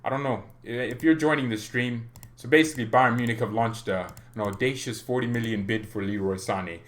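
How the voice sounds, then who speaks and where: A man hosting a casual livestream chat in a mid-range voice. He talks loosely and animatedly, often laughing, and his pitch leaps up whenever he gets worked up. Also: a little fast. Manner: animated, chatty, laughs often, pitch jumps when excited. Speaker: fan channel host on a livestream.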